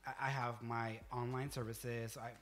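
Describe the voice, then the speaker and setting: A man who is a guest on a chat podcast, talking in an animated way and often repeating his words. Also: medium pitch, measured pace. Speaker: psychic medium guest. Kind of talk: casual chat.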